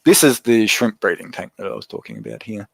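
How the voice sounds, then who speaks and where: A man's voice: lowish voice, huge pitch swings, brisk, gravelly, husky, no echo, low-quality recording. A man with an Australian accent hosting a casual livestream, chatting easily and answering viewer comments as he goes. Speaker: livestream host.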